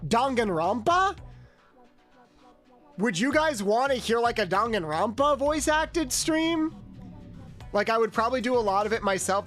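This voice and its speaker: Chatty woman VTuber, swears freely. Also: on the high side. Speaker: VTuber streamer. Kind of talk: casual gaming stream chat.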